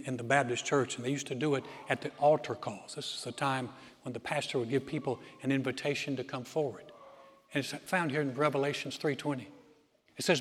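A man preaching a sermon as pastor, earnest and conversational with emphatic bursts. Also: fairly high pitch. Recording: long church-hall reverb.

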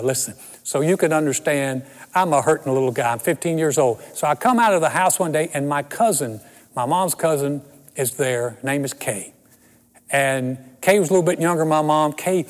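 Man in his 60s, pastor with a somewhat high voice, preaching through funny personal stories, echoing in a large hall. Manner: storytelling with self-deprecating humor. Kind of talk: sermon.

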